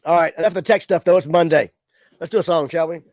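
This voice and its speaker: A man's voice: a little high, quick pace, a little mellow, no echo. Man, casual livestream host, easygoing, dry studio sound. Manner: laid-back, chatty, addresses viewers as y'all. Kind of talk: casual live-stream chat. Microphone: studio microphone with audio interface.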